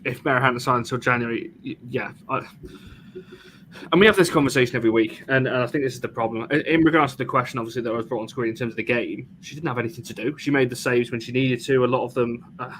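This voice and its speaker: Bright, chatty host. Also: male voice, medium pitch, a little hiss or hum. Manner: chatty, halting, frequent restarts. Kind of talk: casual chat.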